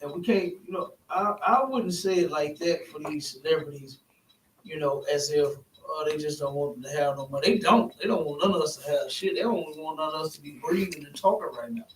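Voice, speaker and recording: High-voiced man, rambling in an echoey room. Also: a little fast, recorded from a distance. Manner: rambling, repeats "you know what I'm saying". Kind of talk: casual spoken discussion. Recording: echoey room, voice from off-mic, faint hiss.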